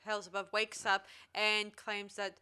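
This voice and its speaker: A woman's voice: medium pitch, completely flat delivery, measured pace, bright, forceful tone, clear, resonant tone. A woman hosting a film review podcast, recapping the plot casually with fillers. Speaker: podcast host.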